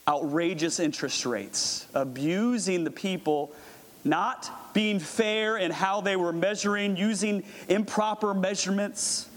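A man's voice: high voice, fairly bright tone. A man preaching a dramatic sermon, calling up volunteers and acting out a scene. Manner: dramatic, calls up volunteers, acts out a merchant. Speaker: pastor. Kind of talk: sermon with audience role-play. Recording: echoey hall with long reverb.

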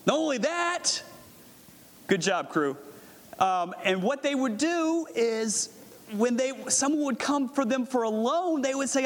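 A man's voice: extremely high pitch, expressive, measured pace. A man preaching a dramatic sermon, calling up volunteers and acting out a scene. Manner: dramatic, calls up volunteers, acts out a merchant. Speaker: pastor. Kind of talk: sermon with audience role-play. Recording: echoey hall with long reverb.

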